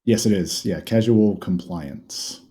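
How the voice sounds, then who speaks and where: A relaxed New Zealand man in his thirties chats on a podcast over a call. His voice sits low and sounds warm and mellow. He drifts along with plenty of ums. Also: slow. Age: 30s. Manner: relaxed, many filler ums. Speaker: podcast guest. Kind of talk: casual podcast chat.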